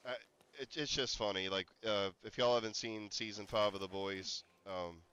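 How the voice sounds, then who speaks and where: A male streamer talks through his game in a loose, rambling way. His voice is bright and forceful, with a smooth, crisp clarity, and he breaks into laughter and sharp startled yelps. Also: fairly low pitch, fairly even intonation, normal speed, lo-fi sound. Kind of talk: casual gameplay commentary.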